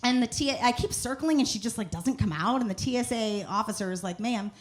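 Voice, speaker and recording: A woman's voice: fairly high pitch, brisk. A woman comedian telling rambling, profane stories on a comedy club stage, restarting sentences and acting out dialogue. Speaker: stand-up comedian. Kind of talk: stand-up storytelling.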